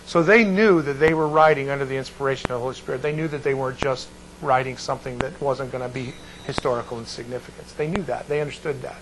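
A man's voice: medium pitch, quick pace, background noise. A man teaching a Bible class, digressing and breaking off mid-sentence while checking in with his students.

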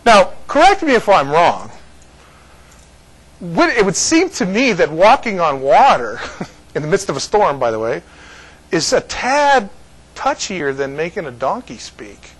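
A man's voice: high voice, sing-song, unhurried, husky, poor audio. A man from California giving informal Bible teaching to a small group, joking and laughing often between his points.

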